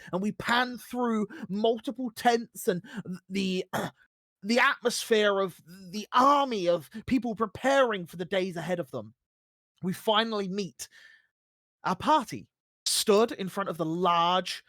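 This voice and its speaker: A game master narrating a tabletop role-playing session with lively storytelling. The pitch rises and falls freely. The sound is close and dry, with no room echo.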